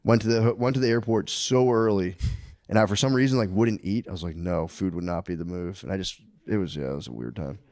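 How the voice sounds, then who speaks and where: A man's voice: fairly quick, darkish tone, dry recording. A man in his thirties co-hosting a podcast, telling loose, rambling stories in casual chat with plenty of swearing. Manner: loose, rambling storytelling with swearing and squeaky voices for his kids. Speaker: podcast co-host.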